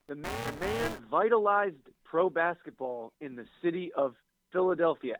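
A man, co-hosting a casual sports podcast in an animated, enthusiastic way. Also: a little high, moderate pace, phone-quality sound. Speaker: podcast co-host.

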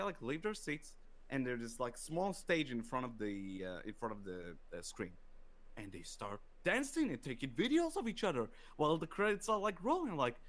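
A man telling a story in casual podcast chat, profane and animated, acting out quotes. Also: mid-range voice.

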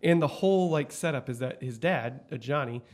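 Animated swearing podcast guy. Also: medium pitch, normal speed. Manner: animated, swearing, quotes scenes in put-on voices. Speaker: podcast co-host. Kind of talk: casual chat.

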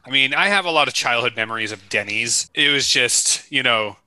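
A man hosting a podcast, chatting casually in a relaxed, loose way. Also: mid-range voice, a little fast, rough recording. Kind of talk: casual chat.

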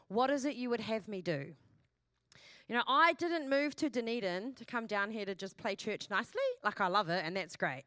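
A woman pastor preaching a sermon in a lively, chatty way, with self-mocking asides and repeated questions to the congregation. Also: fairly high pitch, no echo.

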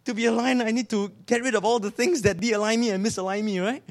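A man preaches in a high, light voice. His delivery is earnest, built on rhetorical questions, and it often sinks low and soft. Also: steady tone, fast talker. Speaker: pastor. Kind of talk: sermon.

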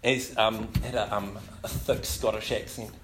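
A man's voice: fairly low pitch, fairly even intonation, measured pace, noisy background. A man, a pastor preaching a sermon full of self-deprecating stories and many fillers. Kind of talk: sermon with humorous storytelling.

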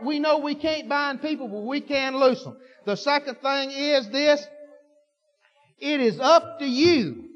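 A man preaching a sermon, folksy and fervent, repeating himself and building to shouts. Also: very high-pitched. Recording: dull lo-fi recording with long hall reverb.

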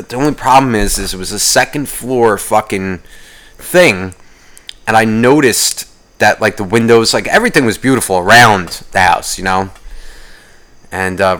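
A young man hosting a podcast, telling a rambling everyday story in a profane, animated ranting way. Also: lowish voice. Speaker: podcast host. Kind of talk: casual solo podcast rant.

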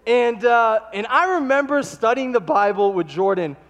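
A man preaching a sermon to his congregation, telling animated stories and acting out the quotes. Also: extremely high pitch, normal speed. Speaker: pastor. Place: church sanctuary. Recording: long hall reverb.

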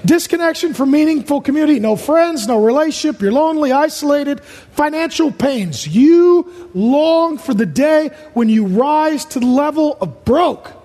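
A man's voice: extremely high pitch, expressive, warm tone. A man preaching a humorous sermon as a pastor, firing off punchy jokes and short lists in a large church auditorium. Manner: rapid-fire jokey delivery, punchy short lists. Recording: reverberant hall.

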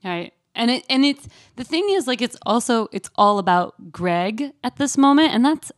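Animated woman podcast co-host, dry sound. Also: moderate pace, no room sound. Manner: animated, acts out quotes in a high voice. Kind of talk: casual chat.

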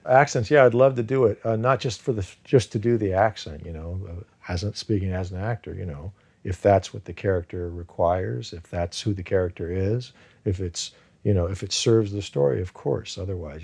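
Brief: actor as interview guest, husky low voice, rambling and casual. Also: male voice, moderate pace, a little mellow. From United States. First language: Farsi. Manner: rambling, many restarts and fillers.

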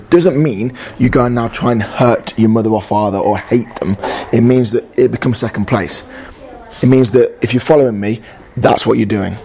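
A man preaches in an informal, conversational way, reading passages and then talking them through with earnest energy. His voice sits in a middle pitch, and he often breaks into acted back-and-forth dialogue. A faint hiss of noise sits under the recording. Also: darkish tone. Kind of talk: informal sermon.

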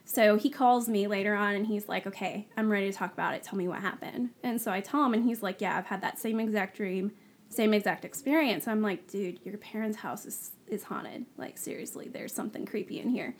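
A woman, a guest on the show, telling her personal story in a casual, animated way, acting out the dialogue she quotes. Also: mid-range voice, a little fast. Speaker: guest sharing her testimony.

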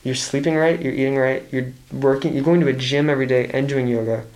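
A man's voice: medium pitch, fairly even intonation, quick pace, darkish tone. Podcast guest, man in his twenties, candid, rambling, lots of restarts. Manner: rambling, swears freely, many restarts. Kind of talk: candid casual conversation.

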